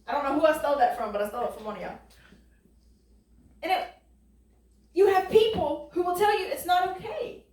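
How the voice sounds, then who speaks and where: A woman's voice: very high voice, brisk, long pauses, a little mellow. Folksy woman preaching in a roomy church. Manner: conversational, folksy preaching with call-and-response. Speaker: pastor. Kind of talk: sermon. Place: church sanctuary. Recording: roomy, distant church recording.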